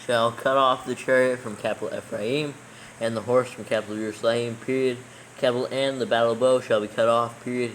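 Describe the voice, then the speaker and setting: A man reading a text aloud slowly for proofreading, calling out every comma, period and capital letter. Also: medium pitch, steady tone, a bit bright, a little hiss or hum, low-quality recording. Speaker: reader dictating text for proofreading. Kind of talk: slow dictation with punctuation read aloud.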